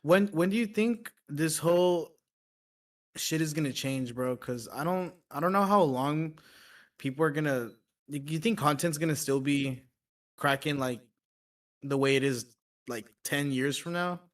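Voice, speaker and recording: A man on a livestream podcast talks in a loose, rambling way, restarting his thoughts and tacking bro onto his sentences. His voice sits a little higher than most men's. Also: a little slow. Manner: rambling and hesitant, fills every gap with like and bro. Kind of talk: casual livestream chat.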